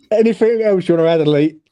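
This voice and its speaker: A man's voice: sits high, warm tone. A man hosting a casual football chat stream, laughing, swearing and full of slang. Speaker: podcast host.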